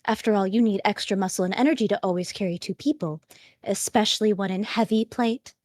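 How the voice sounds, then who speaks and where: A woman's voice: medium pitch, brisk, a little mellow, no room sound, close to an everyday voice. A woman doing a haughty little viceroy. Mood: fond. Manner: lofty, formal, mock-haughty. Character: small proud female acting viceroy, haughty and playful.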